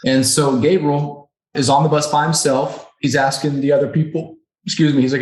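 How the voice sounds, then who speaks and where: A man in his thirties, a guest on a podcast who co-owns a recovery center, tells a personal story earnestly and with emotion, often checking in with "right?" and "okay?". His voice is fairly high and a little mellow, with a level tone, a moderate pace and few pauses. The recording carries a roomy echo.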